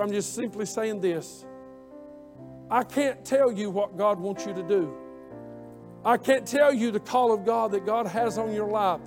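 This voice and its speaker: Male preacher, high-pitched, impassioned and repetitive delivery, faint music behind. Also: lively intonation, measured pace. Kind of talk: sermon.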